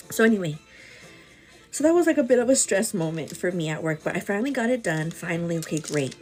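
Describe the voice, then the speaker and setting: A woman chatting casually with her livestream viewers over breakfast at home, animated and calling them "girl". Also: fairly high pitch, quick pace, soft background music. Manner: greets viewers by name mid-story. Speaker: livestream host. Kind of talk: casual chat while eating breakfast.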